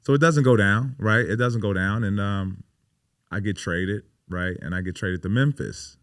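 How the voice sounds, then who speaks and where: Guesting on a podcast, a thirties pro basketball player with a lowish, slightly bright voice tells stories at a moderate pace, casual and emphatic, full of swearing and "you know." The recording is dry and studio quality.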